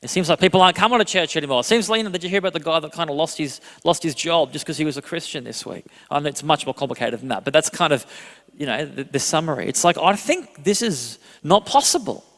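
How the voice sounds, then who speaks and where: Animated pastor preaching in a reverberant hall. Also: male voice, a little high, fast talker. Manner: animated storytelling, self-deprecating humor, laughs often. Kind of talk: sermon. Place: church hall.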